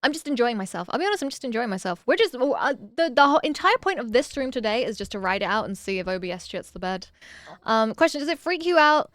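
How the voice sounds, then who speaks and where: A woman streaming casually, reading viewer messages aloud and answering them with bursts of excitement. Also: a little high, quick pace, dry recording, clean studio sound.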